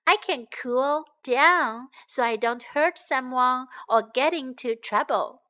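A woman reading a children's story aloud in English and Chinese, then slowly repeating key phrases for young learners. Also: high voice. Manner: slow, clear, lively, repeats each phrase. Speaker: bilingual children's story teacher. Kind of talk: reading a picture book and drilling phrases.

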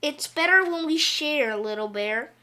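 A woman voicing a gentle, weary Daddy Bear. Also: high voice, lively intonation, unhurried, pitched above the performer's own voice, exaggerated voice. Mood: coaxing. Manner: gentle, coaxing, sing-song. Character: patient, weary father bear coaxing his cub.

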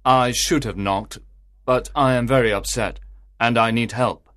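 A man playing a worried, earnest middle-aged merchant in an audiobook drama, telling his story in a measured way. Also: medium pitch, steady tone, a bit bright, no room sound, clean studio sound, lightly acted.

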